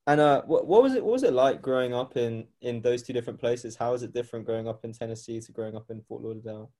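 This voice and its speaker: A man's voice: medium pitch, fast talker, warm tone. A young British man hosting a podcast, chatty and rambling as he interviews a guest. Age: young adult. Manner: chatty, rambling, restarts phrases. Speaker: podcast host. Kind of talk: casual interview chat.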